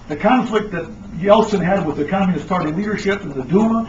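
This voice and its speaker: A man giving an animated, emphatic lecture talk, recorded on a distant, dull lo-fi mic with faint noise. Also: high-pitched, brisk. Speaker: speaker.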